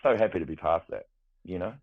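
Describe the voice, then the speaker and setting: Deep-voiced New man on a tinny line. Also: fast. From New Zealand. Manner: animated, rambling with restarts, swears freely. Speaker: guest, music producer. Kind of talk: casual chat. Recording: dry, tinny phone-like sound.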